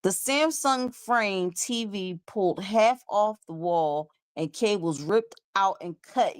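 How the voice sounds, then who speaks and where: Animated woman host, dry close mic. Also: mid-range voice, slow, no echo. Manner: animated, laughing, incredulous asides. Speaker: show host. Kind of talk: reading a story aloud and reacting, casual commentary.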